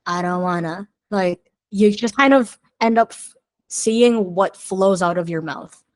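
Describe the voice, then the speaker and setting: Unhurried woman songwriter, candid and chatty. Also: mid-range voice, no room sound. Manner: chatty and candid, thinking aloud. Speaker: songwriter guest. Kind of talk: candid podcast conversation.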